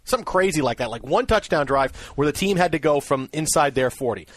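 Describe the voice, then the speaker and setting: A man co-hosting sports radio who tells stories with rapid energy and teases his colleagues. His voice runs slightly high, and the studio sound is dry and close. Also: no room sound. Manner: energetic, rapid storytelling, teasing. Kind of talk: casual sports radio chat.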